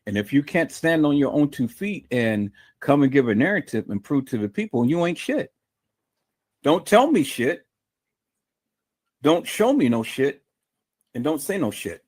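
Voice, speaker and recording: A man's voice: fairly high pitch, big pitch swings, unhurried, pauses often, darkish tone. A man hosting his own livestream, delivering an angry, profane, combative rant full of stammering restarts. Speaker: livestream host. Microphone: streaming mic.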